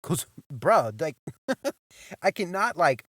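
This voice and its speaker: A young man hosting a podcast, telling a story in a loose, animated way, full of swearing and "bro", circling back and repeating himself. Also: fairly high pitch, slow pace, dry recording, clean studio sound. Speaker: podcast host. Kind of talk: casual storytelling monologue.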